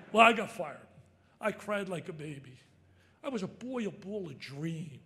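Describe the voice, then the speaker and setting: An older man tells stories in a speech. His voice sits high, and he talks in an excitable, emphatic way, often rising to a shout. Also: unhurried. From New Jersey. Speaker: sportscaster giving an induction speech. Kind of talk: storytelling speech.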